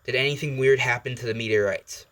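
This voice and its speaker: A man voicing a gruff, exasperated middle-aged father who grumbles and threatens, while retelling a story. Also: medium pitch, quick pace, fairly bright tone, lightly acted.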